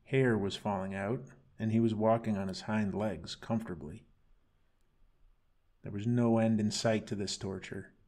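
A man reading his own dark bedtime story aloud in slow, somber narration. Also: fairly low pitch, steady tone.

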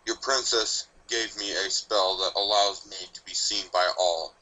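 A grumpy, timeless Grim Reaper who answers questions with curt, sardonic bluntness, as a man reads him in a fan story. The voice sits low but carries a sharp, bright edge. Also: fairly even intonation, unhurried, rough recording. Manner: blunt, snappish, dryly sardonic. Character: grumpy ancient male Grim Reaper pony.

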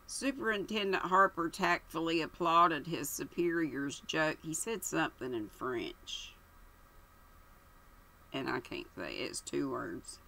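An older woman reading a mystery novel aloud in a plain, steady narrating voice. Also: low-pitched, slow pace, creaky, low-quality recording. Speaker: audiobook reader.

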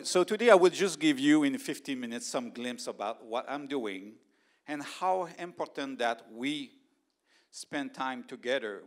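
A middle-aged man with a Canadian accent, a research scientist giving a conference presentation, speaking in a halting way with frequent pauses and quick "okay?" check-ins. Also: mid-range voice.

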